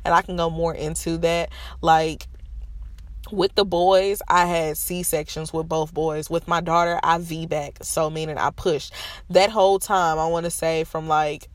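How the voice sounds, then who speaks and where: A woman's voice: low voice, flat delivery, a little slow, no room sound. Frank woman talking from her parked car. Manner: emotional, frank, addresses viewers as y'all. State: stuffy nose from holding back tears. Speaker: vlogger. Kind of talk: candid personal storytelling to viewers. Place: parked car in a school parking lot.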